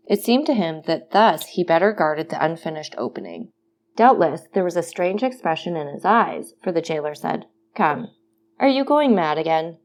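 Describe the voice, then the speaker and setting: A woman narrating a classic novel aloud in a steady, expressive reading. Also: fairly low pitch, slight background noise. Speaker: audiobook narrator.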